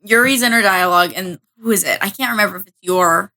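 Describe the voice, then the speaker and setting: A woman's voice: mid-range voice, fast, pushed and bright. A woman co-hosting an anime podcast, eagerly recapping episodes in casual chat, often laughing. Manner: enthusiastic, laughs often, acts out characters' lines. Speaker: podcast co-host.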